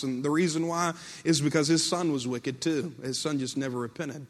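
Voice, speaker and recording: High-voiced male preacher in a hall. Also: normal speed, hardly any pauses. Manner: dramatic storytelling with repetition. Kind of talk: sermon. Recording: long hall reverb.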